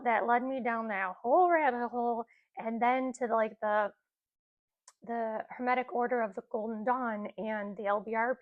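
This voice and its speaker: Chatty woman telling a spiritual story. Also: fairly high pitch. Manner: chatty, rambling, many fillers and asides. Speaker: spiritual content creator. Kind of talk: casual personal storytelling.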